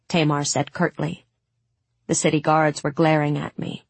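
A woman narrating a first-person fantasy audiobook in a measured way, giving the characters' lines some heat. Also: sits low, flat delivery, gravelly, darkish tone, slightly rough, no room sound.

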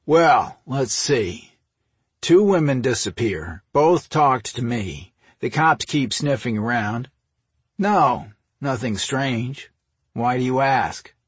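A man voicing a wary, sarcastic fisherman with a dry, husky delivery. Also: medium pitch, lively intonation, takes it slowly, no room sound, pitched above the performer's own voice.

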